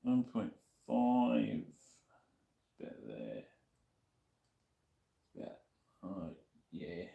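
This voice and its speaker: A man's voice: fairly low pitch, creaky, a little mellow, roomy sound. A man with an Australian accent chatting casually to a stream while he works on a motorbike, muttering to himself as he goes. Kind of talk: casual live-stream chat while working.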